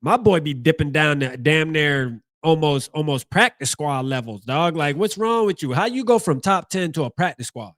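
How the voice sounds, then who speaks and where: A man's voice: fairly high pitch, expressive, normal speed, hardly any pauses, a bit bright, no room sound, studio quality. A man hosting a fan postgame show, ranting casually with slang and lots of repeats and restarts.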